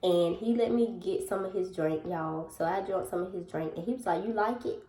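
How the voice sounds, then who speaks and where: Young woman, low voice, casual storytelling, talks to viewers, echoey room. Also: fairly even intonation, a little fast, dark tone. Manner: chatty, addresses viewers directly, acts out dialogue. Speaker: vlogger.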